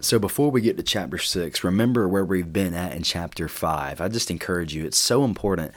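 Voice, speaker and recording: A youth pastor giving an earnest, conversational Bible teaching for a podcast. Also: male voice, low-pitched, a little fast, faint music behind. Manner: earnest, conversational, with fillers and restarts.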